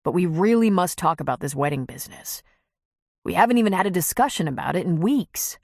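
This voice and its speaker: A woman's voice: on the low side, animated, brisk, gravelly, a little mellow, no room sound, studio quality. A woman reading an audiobook, voicing a stern male doctor who speaks in clipped, firm sentences. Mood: curt.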